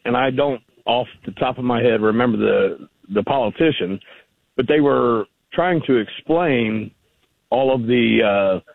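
Male caller, gravelly, argumentative, tinny phone line, dry. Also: mid-range voice, no echo. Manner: argumentative, rambling. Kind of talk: call-in conversation.

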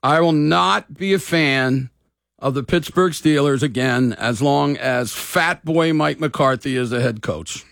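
A man's voice: fairly high pitch, measured pace, gravelly, a bit bright, dry recording, studio quality. A man hosting a sports talk radio show, chatting bluntly and openly with callers. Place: radio studio.

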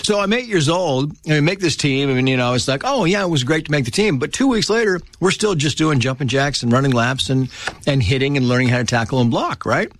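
A man in casual conversation, telling personal stories with lively acted-out quotes. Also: a little high, brisk. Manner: animated storyteller, acts out quoted voices. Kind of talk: casual storytelling chat.

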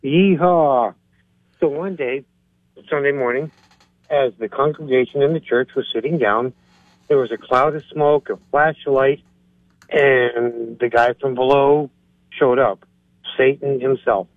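Caller guy telling a joke, steady, dry thin phone line. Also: medium pitch, unhurried, dry recording. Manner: steady storytelling.

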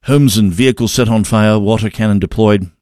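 A man putting on a mock British broadcaster accent to voice a formal news presenter, reading out a grave report in a brisk newsreader manner. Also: lowish voice, darkish tone, no room sound, clean studio sound, natural voice.

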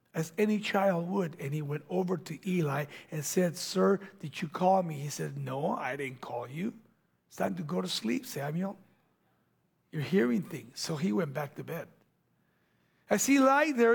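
A man preaching a sermon, retelling a Bible story dramatically, acting out the voices and dropping to hushed near-whispers. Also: sits high, vocal fry, breathy edge.

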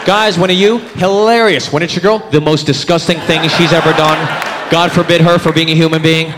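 With a live audience laughing in a comedy club, a thirty-something man performs stand-up, switching voices to act out characters. His slightly high voice is brisk with fairly even intonation, and the live hall recording has a noisy background.

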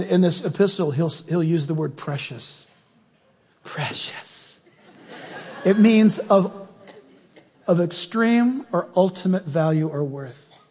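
Husky high-voiced preacher in a big hall. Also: male voice. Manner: animated, emphatic, rhetorical questions to the audience. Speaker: pastor. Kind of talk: sermon.

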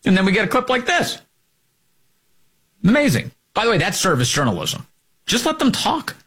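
A man's voice: sits high, huge pitch swings, moderate pace, fairly bright tone, breathy edge. A man hosting a political talk radio show, combative and sarcastic, mocking opponents in put-on voices. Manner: sarcastic, combative, swings between mocking voices and emphatic outbursts.

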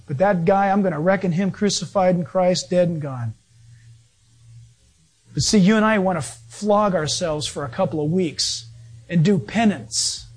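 A man preaching a sermon as pastor, emphatic and animated, with sudden shifts in pace. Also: high voice.

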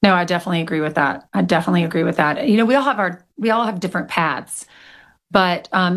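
A middle-aged woman being interviewed as an author, telling candid personal stories in casual chat. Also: on the low side. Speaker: author and guest.

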